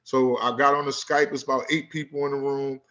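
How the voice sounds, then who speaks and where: A man's voice: medium pitch, level tone, brisk, pushed and bright, highs cut off. A man from Newark who coaches basketball, telling a story in a casual conversation with plenty of "you know what I'm saying.". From Newark, New Jersey. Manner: laid-back street talk, lots of "you know what I'm saying".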